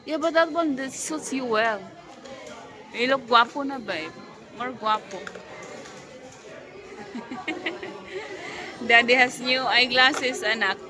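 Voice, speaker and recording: A woman with a high, animated voice speaks slowly with long pauses, her tone pushed and bright. She's filming a casual family vlog, coaxing a small child, chatting with her husband and laughing often. The setting is a crowded, noisy public space with some chatter behind her.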